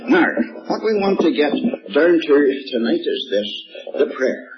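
A man gives a Bible teaching sermon in a somewhat high voice. His pitch leaps and falls lively as he stresses each point, and the sound is dull and lo-fi like an old tape. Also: unhurried, soft background music. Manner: emphatic, rises sharply on key words. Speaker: preacher.

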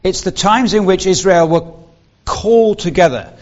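A man's voice: high-pitched, normal speed, darkish tone, lo-fi sound. A man preaching a Bible-teaching sermon, explaining earnestly and stressing key words.

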